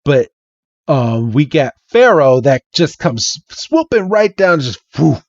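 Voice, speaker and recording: Slow, lively-voiced podcast host. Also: male voice, fairly high pitch, no echo, muffled recording. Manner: chatty, laughing storyteller. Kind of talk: casual recap of a comic.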